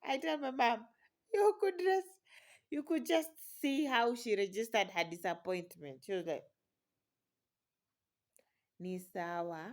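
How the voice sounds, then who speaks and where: A woman's voice: on the high side, moderate pace. A woman, a new mother, telling a personal story in an exclamatory, dramatic way with frequent laughter.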